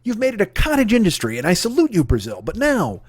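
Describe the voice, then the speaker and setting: A man hosting a comedy podcast in a profane solo rant, full of stammering restarts. His voice sits high for a man. The sound is close and dry, with no room in it. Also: huge pitch swings, fast, breathy edge, no room sound. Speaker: podcast host.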